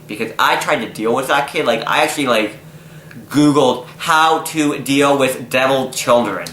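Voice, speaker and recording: Young man, bright voice, exasperated storyteller in an echoey room. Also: medium pitch, normal speed. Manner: animated, exasperated, acts out quotes. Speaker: vlogger. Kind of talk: casual storytelling vlog. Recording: echoey room, faint noise.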